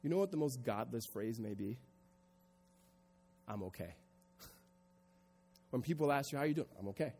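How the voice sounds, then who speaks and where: A male pastor preaching a sermon to a congregation, moving from quiet reflection into loud, emphatic passages. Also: medium pitch, lively intonation, fast, gravelly, few pauses, in a large hall. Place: church hall with congregation.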